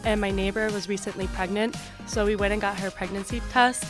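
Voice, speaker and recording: A young woman student telling an animated anecdote, quoting the people in it. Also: mid-range voice, a little fast, music in the background. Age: young adult. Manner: animated storyteller, quotes others. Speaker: student interviewee. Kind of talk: storytelling anecdote.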